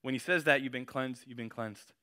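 A man's voice: medium pitch, a little fast, pushed and bright. A young man giving a casual sermon, slangy and conversational, reading scripture with rising intensity.

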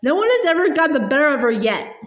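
Lady doing a soft patient young teacher, calm but firm, high voice, echoey. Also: fast. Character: gentle, calm young female schoolteacher. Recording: echoey room.

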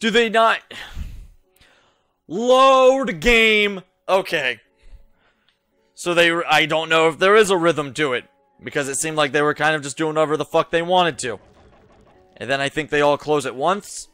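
A man's voice: on the high side, measured pace, long pauses, bright, forceful tone, smooth, dry recording, soft background music. A young man giving frustrated let's play commentary, swearing a lot and muttering to himself as he plays. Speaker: gaming YouTuber.

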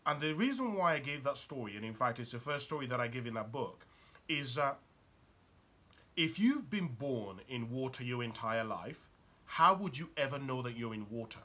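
A man's voice: medium pitch, lively intonation, normal speed, sharp tone. A man talking as a life coach in a motivational monologue, firing off emphatic rhetorical questions.

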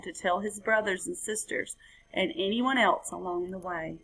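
A woman reading a children's picture book aloud in a slow, expressive storybook manner. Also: mid-range voice, breathy edge, poor audio.

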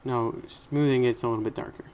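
Clear and resonant, this young man's mid-range voice has a darkish tone, fairly even intonation, and a brisk pace. He hosts a casual screen-recorded coding tutorial, rambling and correcting himself as he goes, chatty with little laughs.

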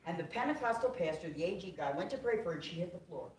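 An older woman giving a humorous personal testimony at a conference, an animated storyteller who acts out the people in her story. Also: lowish voice, very fast, a little hiss or hum. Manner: animated storyteller acting out quotes. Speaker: conference speaker. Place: large conference hall. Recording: roomy hall, distant mic, loud audience. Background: audience laughter.

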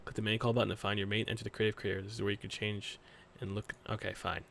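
A man's voice: fairly low pitch, level tone, fast talker, vocal fry, fairly bright tone, slight background noise. A young man casually commenting while playing a video game, joking, reading on-screen prompts aloud and talking to his creature. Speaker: gaming YouTuber. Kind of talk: let's play commentary.

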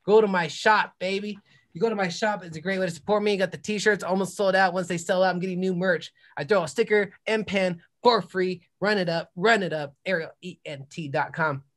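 Hyped high-voiced male podcast host. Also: steady tone, brisk. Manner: high-energy hype with whooping catchphrases. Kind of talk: hyped podcast intro and self-promotion.

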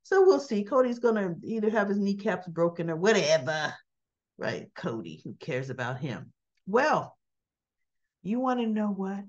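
A woman's voice: mid-range voice, sing-song, a little slow, a little mellow, dull audio. A woman recapping a soap opera episode in a casual, chatty way, acting out the characters' lines and laughing as she goes. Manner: laughs often while talking.

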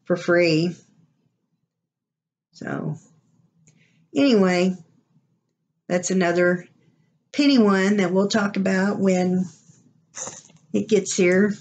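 A woman's voice: medium pitch, darkish tone, lo-fi sound, a little hiss or hum. A woman from Oklahoma with an Oklahoma accent, chatting casually and rambling through an unboxing vlog. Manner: chatty, rambling, laughs often. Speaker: vlogger.

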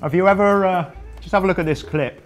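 A man's voice: high-pitched, fast talker, soft background music. A British man interviewing a guest, with teasing, playful banter. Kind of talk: jokey casual interview.

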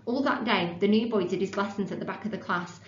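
A woman teacher reading a children's book aloud in a clear, expressive storytelling voice. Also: mid-range voice, fast. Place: classroom. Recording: roomy, dull lo-fi classroom recording.

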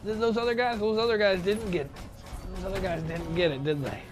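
A man's voice: high voice, steady tone, brisk, a little hiss or hum, natural voice. A man impersonating a touchy, self-assured older male statesman, rambling through comedic gaming commentary in character. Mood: chatty. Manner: rambling, muttering to himself while picking cards.

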